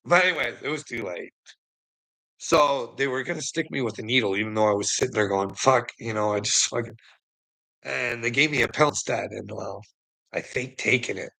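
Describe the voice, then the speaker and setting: A man's voice: mid-range voice, brisk, creaky, sharp tone, low-quality recording. A man telling a rambling personal story, swearing a lot and laughing often between lines. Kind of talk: casual storytelling monologue.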